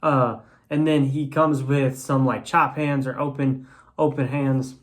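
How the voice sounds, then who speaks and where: A man's voice: medium pitch, little pitch movement, measured pace. A man casually reviewing an action figure on camera, talking loosely with lots of fillers and restarts. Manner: rambling, many fillers and restarts. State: has the hiccups. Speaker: toy reviewer.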